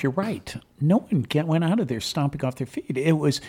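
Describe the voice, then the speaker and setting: Husky man cheering on his community. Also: fairly high pitch, lively intonation, moderate pace, hardly any pauses, darkish tone. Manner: enthusiastic, rallying. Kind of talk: casual radio chat. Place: radio studio.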